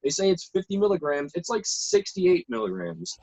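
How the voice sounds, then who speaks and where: A man's voice: sits high, normal speed, gravelly, a little mellow, rough recording. A man chatting casually with friends, chiming in and quoting customers. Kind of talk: casual chat.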